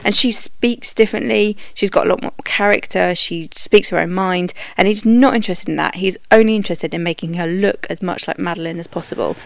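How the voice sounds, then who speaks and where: Woman, film review podcast, candid opinions, lower voice, gravelly. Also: brisk, few pauses. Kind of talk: conversational narration.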